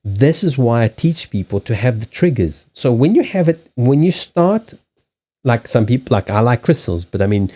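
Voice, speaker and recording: Man, casual live-stream chat, lively pitch, swears, laughs, rambles, dull lo-fi audio. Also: normal speed. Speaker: livestream host and card reader.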